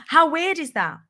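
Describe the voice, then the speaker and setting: Woman host, bright and forceful tone, candid and playful, drops the odd swear word in motivational chat. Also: high voice. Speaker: host of a business tips show. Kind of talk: casual motivational talk to a live audience.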